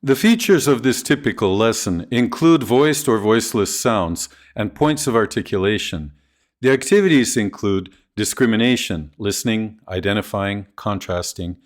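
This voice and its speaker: A man narrating a scripted video on teaching pronunciation, speaking in a clear, deliberate, instructional way. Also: fairly low pitch, animated. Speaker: ESL teacher trainer.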